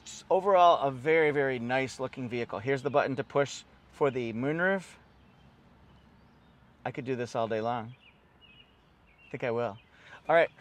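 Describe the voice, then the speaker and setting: Upbeat high-voiced car salesman. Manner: upbeat, salesy, pointing out features. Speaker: car dealership presenter. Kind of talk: casual car walkaround review.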